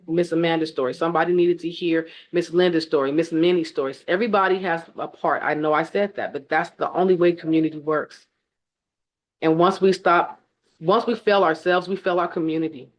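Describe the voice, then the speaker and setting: A woman hosting an online event, telling her own story with deep feeling and close to tears, speaking straight to her audience over a video call. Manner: tearful, heartfelt, speaks directly to the audience. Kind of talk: emotional testimony on a video call.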